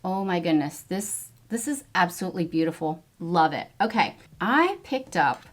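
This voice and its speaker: A woman's voice: on the low side, big pitch swings, moderate pace. A middle-aged woman chatting through a makeup tutorial, enthusiastic as she reviews each product. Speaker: beauty vlogger.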